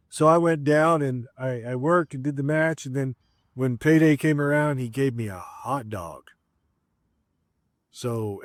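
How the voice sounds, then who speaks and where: A middle-aged former pro wrestler tells long, rambling stories in a relaxed, chatty manner, often pausing on "uh" and restarting sentences. His pitch is ordinary and mid-range, and the recording is close and dry with no room echo.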